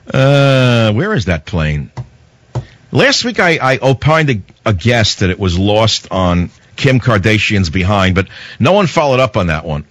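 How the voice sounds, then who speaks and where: A man's voice: mid-range voice, fairly bright tone, no room sound. A man hosting a talk radio show, delivering a rambling, sarcastic, heated monologue into a studio microphone.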